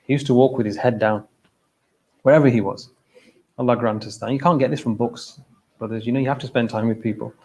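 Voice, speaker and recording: A man's voice: medium pitch, steady tone, brisk, long pauses, a little mellow, low-quality recording. A man giving an informal religious talk at a mosque. He speaks conversationally, repeats phrases and keeps checking in with his listeners.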